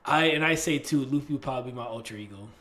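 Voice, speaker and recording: A man's voice: medium pitch, racing. A man co-hosting a podcast, telling stories in a loose, slangy way with lots of fillers and restarts. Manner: animated storytelling, slangy, many fillers and restarts. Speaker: podcast co-host. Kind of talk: casual chat.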